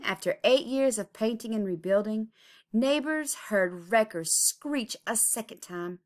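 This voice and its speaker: A woman, an art teacher, reading a picture book aloud expressively, chanting its rhyming refrains. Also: mid-range voice. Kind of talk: storybook read-aloud.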